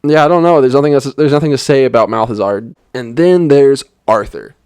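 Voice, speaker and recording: A man's voice: mid-range voice, brisk, darkish tone, smooth, dry recording. A young man giving a sarcastic, rambling comedic movie review, with lots of "like" fillers. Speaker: film reviewer. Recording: dry voice-over.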